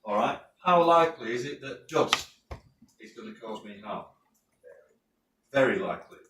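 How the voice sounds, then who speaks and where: A man with a northern English accent teaching a safety course, chatty and quizzing his class with quick questions. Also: medium pitch, expressive. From North of England. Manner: chatty, asks the class questions and checks in with "right?". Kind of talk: classroom lecture with anecdotes. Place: training classroom. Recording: roomy, distant mic with faint noise.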